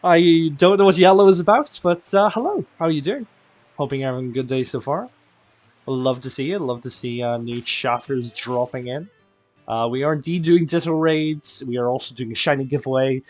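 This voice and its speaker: A man from Northern Ireland with a mixed Northern Irish accent, hosting a game live stream in casual chat, greeting viewers by name, tired and quieter than usual. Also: mid-range voice, normal speed, soft background music. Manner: chatty, greets viewers by name, self-deprecating. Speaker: live-stream raid host.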